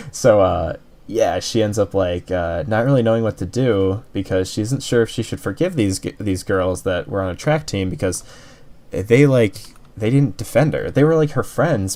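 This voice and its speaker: Man with a somewhat low voice, chatty earnest reviewer who rambles and restarts. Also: a little mellow. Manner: rambling, heavy use of "like", frequent restarts; earnest, openly emotional. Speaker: anime reviewer. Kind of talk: casual spoken review.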